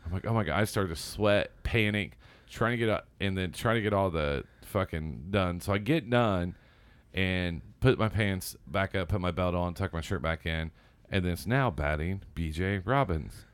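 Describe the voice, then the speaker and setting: Deep-voiced man telling a rambling story. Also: normal speed, clean tone, no room sound. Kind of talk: casual storytelling chat.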